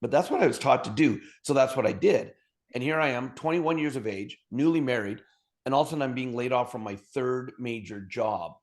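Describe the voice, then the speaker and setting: Energetic man telling stories. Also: medium pitch, a little fast. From Alberta, Canada. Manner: energetic, humorous storyteller acting out dialogue. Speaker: podcast guest. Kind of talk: storytelling interview talk.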